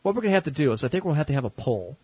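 A man's voice: a little high, big pitch swings, rapid-fire, darkish tone, slightly rough, dry recording, rough recording. A man from the United States hosting an online call-in show, laid-back and joking with crude language. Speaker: show host.

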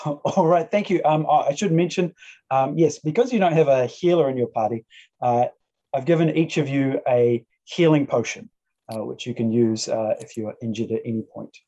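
A man narrating as game master of a tabletop game, talking in a casual, halting way. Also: mid-range voice, warm tone, highs cut off. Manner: casual, halting, with fillers and laughs.

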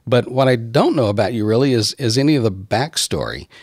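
A man's voice: mid-range voice, lively intonation, fairly quick, a little mellow, husky, dry recording, studio quality. A man hosting an acting podcast, talking in an enthusiastic, encouraging way as he introduces and interviews his guest. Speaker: podcast host.

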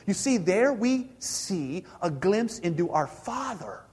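Animated high-voiced pastor preaching in a hall. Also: male voice, takes it slowly, hardly any pauses, husky. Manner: conversational preaching, questions the congregation. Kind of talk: sermon. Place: church sanctuary. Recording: hall reverb.

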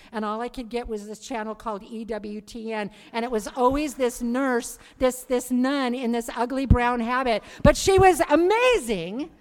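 A middle-aged woman giving her conversion testimony to a live audience, telling her story in a lively way and calling for "Amen.". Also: fairly high pitch. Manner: lively storyteller who calls for "Amen" and "Praise the Lord". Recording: long reverb of a hall.

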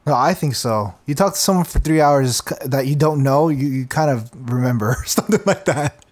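A man's voice: mid-range voice, fairly quick. A young man co-hosting a podcast, telling a story in a casual way, laughing often and repeating words. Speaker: podcast co-host.

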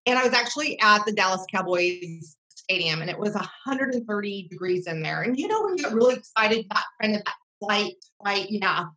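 A woman's voice: medium pitch, expressive, a little fast, pushed and bright, poor audio. A woman in her thirties, a podcast guest, telling earnest personal stories in a rambling way, with many fillers and restarts. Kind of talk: heartfelt casual storytelling.

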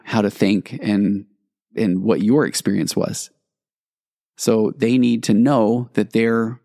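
Man, low voice, earnest podcast host, self-deprecating, dry close mic. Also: darkish tone, dry recording. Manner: earnest, self-deprecating, acts out parent dialogue. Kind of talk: reflective solo podcast talk.

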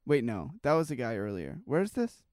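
A man's voice: medium pitch, big pitch swings, fairly quick, darkish tone, no echo, studio quality. A man co-hosting a casual chat, reacting to news stories in a rambling, talkative way with lots of fillers. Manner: rambling, chatty, trails off and restarts with fillers. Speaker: podcast co-host.

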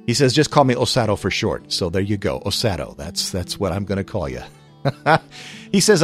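A man's voice: fairly low pitch, expressive, moderate pace. American guy hosting his podcast, chuckles a lot, rambles, faint guitar behind. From United States. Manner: chuckling, rambling with fillers and restarts. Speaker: podcast host. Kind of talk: casual chat answering listener questions.

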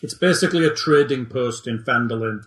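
A man's voice: mid-range voice, brisk, a bit bright, echoey room, a little hiss or hum. A man running a tabletop game as game master, explaining the setup with dry humor and reading boxed text aloud.

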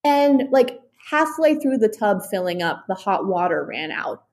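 A woman on a podcast chatting casually, talking in an animated way, swearing freely and filling her speech with "like.". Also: medium pitch, measured pace, very noisy.

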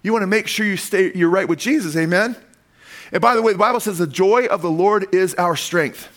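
High-voiced man preaching emphatically. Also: a little fast. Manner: emphatic preaching, calls out "amen?" to the congregation; swings between loud stressed lines and quiet dropped asides. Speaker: pastor. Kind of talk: sermon.

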